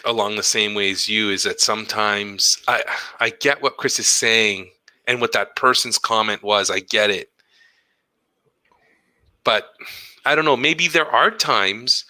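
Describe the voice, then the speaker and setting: Male podcast co-host, middle-aged, lowish pitch, very bright tone, lively storyteller. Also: no room sound, poor audio. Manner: animated storytelling, acts out quoted dialogue. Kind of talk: casual chat.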